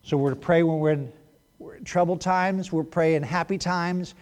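A male pastor giving a sermon in a conversational way, moving between hushed moments and animated bursts. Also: on the high side, moderate pace.

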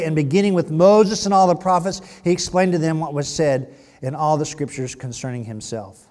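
A male pastor preaching a sermon, reading scripture aloud and acting out its people in animated bursts. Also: a little high, normal speed, long reverb tail.

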